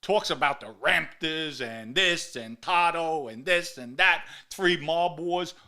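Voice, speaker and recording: Angry middle-aged new guy ranting into the mic, tense bright voice, a bit high. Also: slow. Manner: heated, ranting, repeats insults for emphasis. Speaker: podcast host. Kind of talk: angry monologue to camera.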